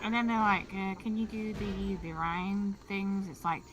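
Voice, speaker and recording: A woman's voice: mid-range voice, steady tone, measured pace, music in the background. A woman from Britain chatting and teasing casually while playing a game together on stream. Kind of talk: casual gameplay chat.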